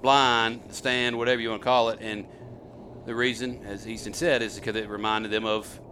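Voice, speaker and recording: Bright-voiced chatty hunting dad. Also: male voice, on the low side, little pitch movement, moderate pace, slight background noise. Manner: chatty and rambling, quizzing his sons. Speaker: host, hunter and father. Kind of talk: casual storytelling to camera.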